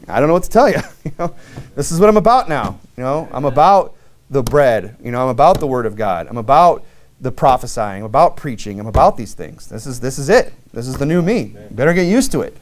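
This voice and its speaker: A young American man preaching a sermon, talking to his congregation like it's a conversation. He rambles a bit, restarts his sentences and fills the gaps with "you know," and his voice sits at an everyday middle pitch. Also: very animated, brisk. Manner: conversational, folksy preaching with frequent fillers and restarts. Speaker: pastor.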